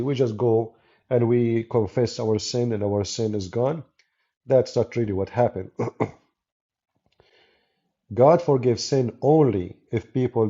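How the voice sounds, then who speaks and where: A man's voice: mid-range voice, mellow. A man with an Arabic accent, a native Arabic speaker, giving mocking, sarcastic live-stream commentary as a debater and channel host. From Arab world. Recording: dull lo-fi audio.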